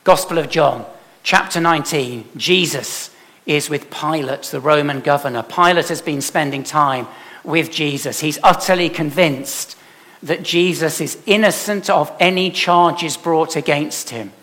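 Emphatic male preacher, slightly high voice. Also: unhurried. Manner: emphatic, with dramatic swings in loudness; rhetorical questions to the congregation. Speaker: pastor. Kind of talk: sermon.

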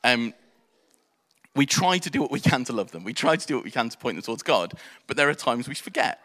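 A man, preaching a sermon in an animated storytelling way. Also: mid-range voice, a little fast, big-room sound. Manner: animated storytelling, acts out quotes in voices.

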